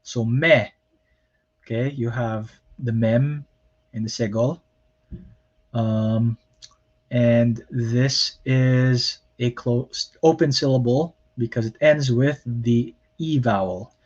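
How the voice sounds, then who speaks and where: A man's voice: medium pitch, steady tone, slow, a little mellow, slightly rough, highs cut off. A man teaching a recorded lecture on grammar, explaining step by step, with many fillers and self-corrections. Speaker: Hebrew lecturer.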